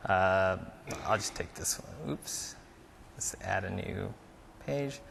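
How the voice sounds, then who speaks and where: A man's voice: deep voice, slow, gravelly, a bit bright, breathy edge, big-room sound. A man presenting a live coding demo at a conference, talking casually with fillers as he types. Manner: casual, explains while typing, frequent fillers.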